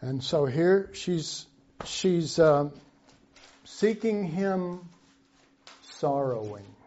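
A man preaching a sermon, slow and conversational, reading scripture and breaking off into asides. His voice sits fairly high but mellow. The recording sounds dull and lo-fi. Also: animated.

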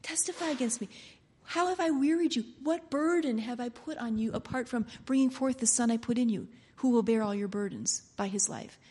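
A woman preaching a passionate sermon, swinging between soft, intimate lines and loud exclamations. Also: on the high side, fairly quick, breathy edge.

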